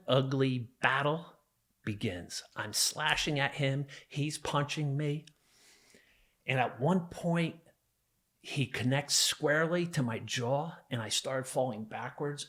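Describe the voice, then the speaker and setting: With a medium-pitched, slightly bright voice carrying a breathy edge, a middle-aged man from New Jersey tells a podcast about a violent episode from his past. His retelling is intense, emphatic and vivid.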